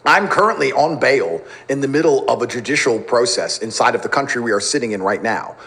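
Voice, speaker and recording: A man's voice: medium pitch, a bit bright. A man in his thirties speaking as a podcast guest, brash and emphatic, boasting and laughing often in casual interview talk.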